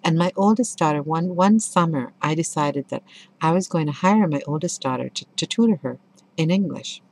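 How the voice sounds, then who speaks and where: A middle-aged woman with a notably low, deep voice reviews a book in a relaxed, conversational way. She tells stories expressively and with clear enthusiasm. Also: normal speed, a little hiss or hum. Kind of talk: casual spoken book review with anecdotes.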